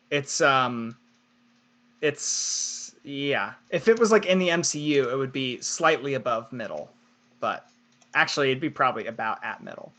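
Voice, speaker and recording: A man's voice: medium pitch, sharp tone. A young man co-hosting a live podcast, chatting casually, laughing often and reading chat comments aloud. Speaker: podcast co-host.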